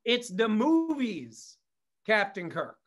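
A man's voice: high voice, big pitch swings, slow. Candid, foul-mouthed man telling stories. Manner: candid, swears freely, rambling asides. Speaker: guest, comedy producer and director. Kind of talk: casual interview storytelling.

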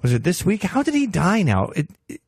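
A man's voice: high-pitched, a little fast, breathy edge, no echo. Podcast host guy riffing a funny story, voice jumps all over, dry close mic. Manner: animated, jumps into silly voices for characters. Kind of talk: comic monologue.

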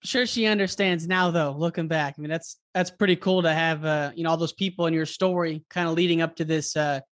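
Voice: medium pitch, steady tone, brisk, a bit bright. An enthusiastic podcast host leads a casual interview. They stretch out the words they want to stress and keep the conversation moving with eager questions.

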